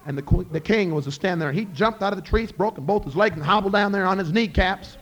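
A middle-aged man with a Southern Appalachian accent, telling a folk tale to a live audience in a folksy, relaxed way. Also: high voice, fast. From Scott County, Virginia. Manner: folksy, relaxed, addresses listeners as friends. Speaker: storyteller and musician.

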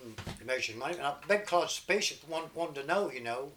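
High-voiced man telling a folk tale. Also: lively intonation, fairly quick, fairly bright tone. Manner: folksy, rambling, peppered with "you know". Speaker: storyteller. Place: home recording session.

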